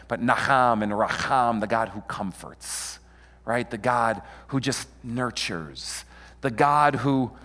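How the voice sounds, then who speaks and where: A man preaching a sermon in an animated way, calling on the congregation to answer him. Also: medium pitch. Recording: long hall reverb.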